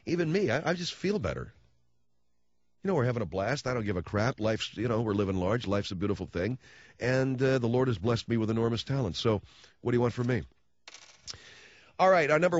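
A man's voice: lowish voice, no echo. Radio guy ranting on air, voice jumps all over, dry dull studio sound. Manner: animated ranting storyteller, sarcastic asides. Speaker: radio talk show host. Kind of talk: rambling comic monologue on air.

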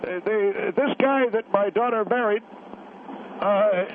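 A man voicing an older male war veteran grandfather who phones in, halting, stubborn and defiant. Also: high-pitched, a little hiss or hum, voice pushed up. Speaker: caller. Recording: tinny phone line.

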